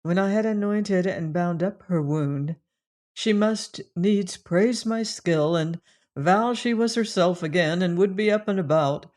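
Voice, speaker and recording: Slow, measured audiobook narrator. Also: mid-range voice, a little mellow. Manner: measured, first-person storytelling. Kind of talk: scripted narration of a classic novel.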